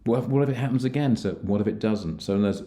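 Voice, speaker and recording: A middle-aged man, a mind coach, calmly guiding the listener through techniques for handling anxiety, speaking straight to them. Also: on the low side, fast. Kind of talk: instructional coaching talk.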